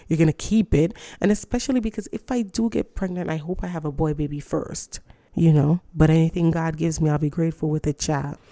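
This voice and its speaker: A woman in her thirties vents in a blunt, profane, emphatic rant. Her voice sits low and mellow, and the sound is close and dry. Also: dry recording. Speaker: vlogger. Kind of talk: casual morning rant to camera.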